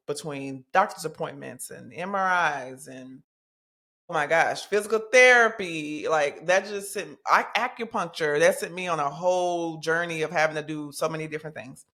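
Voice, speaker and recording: A woman of about forty hosting a podcast, talking in a chatty, animated way with plenty of casual slang, as if catching up with friends. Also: deep voice, normal speed. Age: 40s. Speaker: podcast host.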